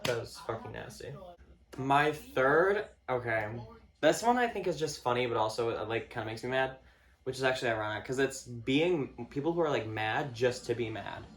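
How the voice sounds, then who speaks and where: A man vlogging a casual rant to camera, swearing often, packing his talk with fillers and mocking other people in a higher voice. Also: moderate pace. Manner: profane, filler-heavy, mocks others in a higher voice.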